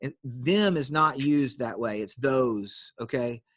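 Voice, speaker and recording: A man's voice: mid-range voice, takes it slowly, no room sound, clean studio sound. A man teaching an online grammar class on a video call, explaining patiently step by step and calling on students.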